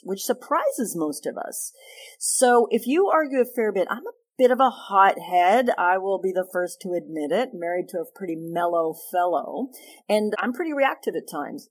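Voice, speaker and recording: A middle-aged woman therapist speaking as a podcast guest, animated and emphatic, teaching with self-deprecating asides. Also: on the low side, husky. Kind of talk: podcast interview.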